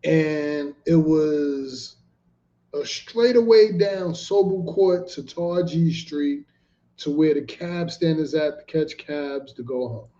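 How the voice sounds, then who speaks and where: Animated, swearing male storyteller, lo-fi sound. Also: fairly high pitch, takes it slowly. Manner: animated, profane, repeats himself for emphasis. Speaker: host. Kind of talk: casual storytelling. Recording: dull lo-fi recording.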